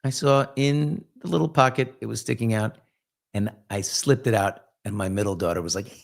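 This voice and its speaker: A man's voice: on the low side, normal speed, gravelly. A man in his fifties hosting a casual live chat, reading viewer comments and telling candid, rambling stories. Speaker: host.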